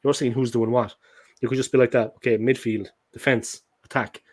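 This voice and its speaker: An Irish man with a mid-pitched voice chatting casually on a football podcast. He talks in a loose, joking way and rambles from one point to the next. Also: fairly even intonation, fairly quick, breathy edge. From Ireland. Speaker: guest.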